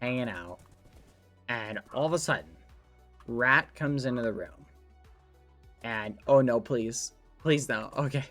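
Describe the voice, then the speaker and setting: A man's voice: medium pitch, a little slow, long pauses, fairly bright tone, faint music behind. A man streaming a game, chatting casually with his viewers and rambling through a story full of fillers, from his room at home. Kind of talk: casual gameplay stream chat.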